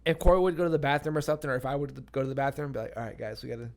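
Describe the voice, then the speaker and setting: A man's voice: mid-range voice, steady tone, racing, vocal fry, a little mellow. A young man co-hosting a podcast, telling a story in casual chat with lots of laughter and swearing. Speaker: podcast co-host.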